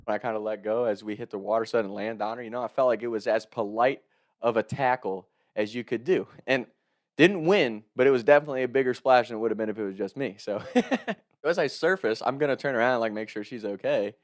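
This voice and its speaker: A man's voice: medium pitch, quick pace. Laughing young man telling a party story. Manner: animated, laughing often, swearing. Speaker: content creator telling a story. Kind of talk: casual storytelling to camera.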